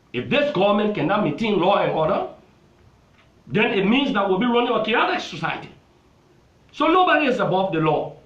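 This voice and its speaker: Liberian man, lawmaker, emphatic and repetitive, fairly high voice, echoey room. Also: fairly bright tone. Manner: emphatic, repetitive, pressing political argument. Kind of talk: television interview. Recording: roomy, dull television audio.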